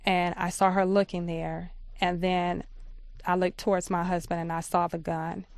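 A woman telling her own story as a guest in a radio interview, in a measured, steady way. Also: lowish voice, dry recording. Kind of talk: personal testimony in a radio interview.

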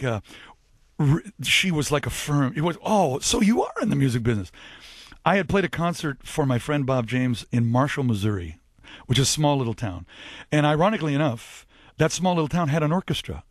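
A man who is a musician and a radio guest, telling chatty, animated anecdotes with false starts. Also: a little high, dry recording. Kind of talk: anecdotal storytelling.

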